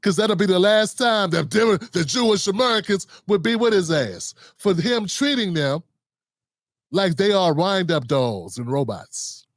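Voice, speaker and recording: A male commentator on his own show, ranting in a heated, mocking voice. His voice sits high for a man. The sound is dry and close-miked. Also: lively intonation, a little slow, dry recording. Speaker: host. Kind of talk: political commentary rant.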